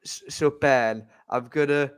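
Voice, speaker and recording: A man's voice: mid-range voice, steady tone, measured pace, clear, resonant tone. A man with a Geordie accent, co-hosting a casual live stream chat and teasing his friends. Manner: playful, teasing. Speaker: co-host.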